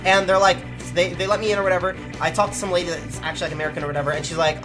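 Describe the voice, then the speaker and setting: A young man streaming, telling stories in a casual, animated way and swearing heavily. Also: high voice, rapid-fire, music in the background. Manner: profane, animated, heavy swearing.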